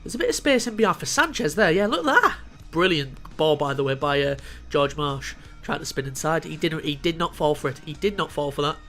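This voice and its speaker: A man giving casual, excitable commentary on a football video game, swearing freely and talking to his players. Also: fairly high pitch, a little fast, soft background music. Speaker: gaming video host.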